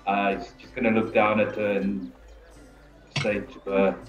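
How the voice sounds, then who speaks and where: A man with a lowish voice playing a tabletop game, hesitantly describing what his character does and says. The recording is muffled and roomy, with faint music underneath. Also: level tone, a little slow. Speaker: player.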